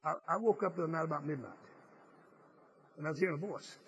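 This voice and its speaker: A man's voice: fairly high pitch, fast talker, highs cut off. A male preacher delivering a sermon as earnest storytelling, stressing key phrases and sometimes restarting his words. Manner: some stammered restarts.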